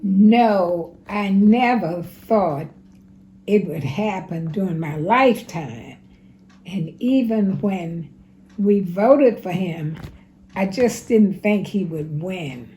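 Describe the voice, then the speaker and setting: A woman in her nineties, plainspoken and unhurried, recounting her life and giving advice in an interview. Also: mid-range voice, expressive, dark tone, rough recording. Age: 90s. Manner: slow, plainspoken, unhurried storyteller. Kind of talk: casual spoken reminiscence.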